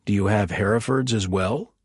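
A man doing a nervous man bluffing calm. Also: lowish voice, moderate pace, breathy edge, dry recording, studio quality. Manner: careful, feigned confidence.

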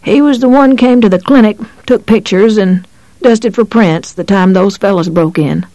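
A reader voicing an elderly white-haired country veterinarian who speaks in a calm, serene rural drawl in an audiobook. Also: medium pitch, normal speed, no room sound, pitched above the performer's own voice, lightly acted, low-quality recording. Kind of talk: audiobook character voice.

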